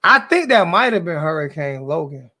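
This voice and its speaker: A man's voice: fairly high pitch, very animated, normal speed, sharp tone. A man who is a sports YouTuber, ranting back at his live chat. He is confrontational, repeats himself, and swears in heavy slang. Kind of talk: live-stream rant to chat.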